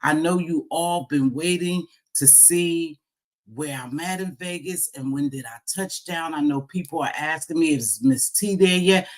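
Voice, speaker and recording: A woman's voice: deep voice, measured pace. Woman hosting a teasing live chat. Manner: playful teasing, exclaiming to viewers. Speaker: livestream host.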